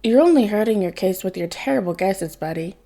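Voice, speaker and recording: A woman's voice: medium pitch, expressive, fairly quick, creaky, mellow. Woman reading as a cocky young vigilante. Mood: smug. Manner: smug, teasing, theatrical. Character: cocky young man posing as Batman.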